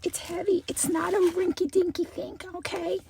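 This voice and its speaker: A woman unboxing gifts in a casual vlog, gushing and excitable, often dropping to a soft whisper as she looks over each item. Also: very high voice, moderate pace, vocal fry. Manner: gushing, excitable, many exclamations. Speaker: haul video host.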